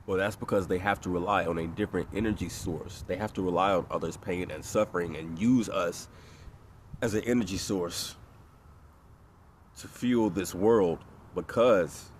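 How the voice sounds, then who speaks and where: A man's voice: sits low, a little hiss or hum. A man with a stuffy nose delivering a preachy, rambling monologue that keeps building in urgency. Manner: preachy, rambling, grows louder and more urgent. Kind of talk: impassioned monologue.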